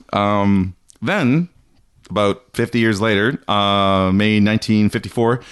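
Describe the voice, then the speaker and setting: A man's voice: on the low side, measured pace, smooth. Chatty man hosting a podcast. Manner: chatty, laughing, acts out the people he talks about. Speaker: podcast host. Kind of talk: casual podcast chat.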